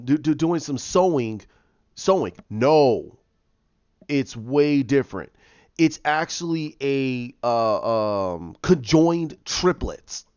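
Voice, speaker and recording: A man's voice: on the high side, no room sound. A man casually recapping a comic book story, acting out the characters' lines with lots of restarts. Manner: animated, acts out characters' lines, many restarts. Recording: dry, muffled lo-fi.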